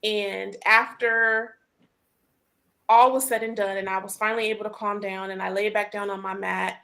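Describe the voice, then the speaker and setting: A woman hosting a casual group chat, telling a story in an animated way, full of fillers and laughter. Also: mid-range voice, normal speed, vocal fry. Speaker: host.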